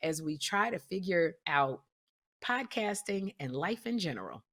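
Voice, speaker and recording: A woman co-hosting a podcast, talking in an animated, self-deprecating, storytelling way. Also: on the low side, unhurried. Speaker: podcast co-host. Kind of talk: casual chat.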